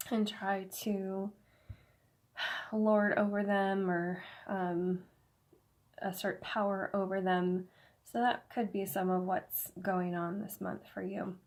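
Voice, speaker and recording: A woman gives a casual tarot reading in a voice gone slightly hoarse. Her speech is halting and full of fillers, broken by soft laughs. Her pitch sits in an ordinary middle range. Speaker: tarot reader. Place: indoor room with incense smoke.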